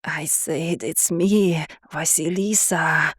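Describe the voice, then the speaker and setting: A woman voicing a young woman turned into a sea monster, with a low, slow, growling voice. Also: steady tone, a bit bright, slightly rough, dry recording, studio quality, full character voice. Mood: growling, pleading. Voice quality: growling, inhuman.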